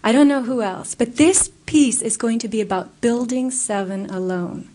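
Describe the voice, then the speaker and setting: A woman giving a public talk and answering audience questions, telling stories in an earnest, animated way. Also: fairly high pitch, normal speed. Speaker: guest speaker.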